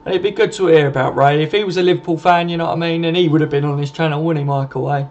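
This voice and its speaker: A man's voice: a little high, steady tone, very fast, darkish tone. Matey man chatting on a live stream. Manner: chatty and matey, swears freely, calls viewers mate. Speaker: live stream host reading viewer comments. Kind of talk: casual live stream chat. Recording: slightly muffled with faint background noise.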